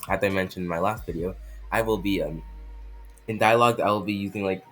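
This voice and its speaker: Low-voiced man reading fanfic haltingly. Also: fairly bright tone, faint music behind, low-quality recording. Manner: halting reading with frequent restarts and fillers. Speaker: fanfic reader and channel host.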